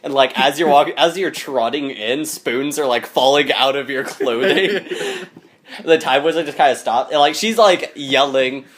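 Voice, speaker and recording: A man's voice: mid-range voice, moderate pace, a bit bright, slight background noise. A man narrating as game master in a loose, laughing style full of fillers.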